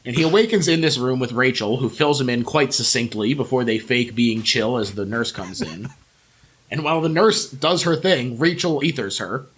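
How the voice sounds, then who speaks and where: A man's voice: medium pitch, normal speed, a bit bright, breathy edge. A man co-hosting a podcast, casually recapping a horror movie's plot with frequent laughs and offhand swearing. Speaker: podcast co-host.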